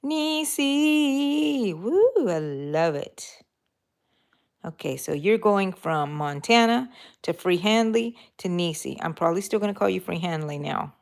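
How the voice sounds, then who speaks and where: A woman's voice: medium pitch, expressive, unhurried, vocal fry. A middle-aged woman, chatting casually with live viewers while she crochets. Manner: chatty, laughing, talks to viewers. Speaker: crochet vlogger.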